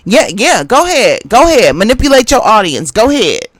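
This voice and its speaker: A woman's voice: on the high side, big pitch swings, fairly quick, no room sound. A woman reenacting a confrontational woman guest who talks bluntly and in clipped slang, in a dry close recording. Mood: accusing. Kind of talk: reenactment of a heated livestream argument.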